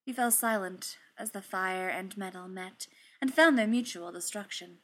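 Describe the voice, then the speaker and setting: A woman reading fan fiction aloud in steady storytelling narration. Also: medium pitch, normal speed. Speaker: reader.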